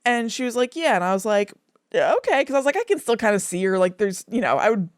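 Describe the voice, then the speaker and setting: A woman co-hosts a casual podcast chat in a fairly high voice that swings lively up and down. She laughs often while retelling stories and quoting others. The sound is dry and close, with no echo. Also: quick pace. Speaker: podcast co-host.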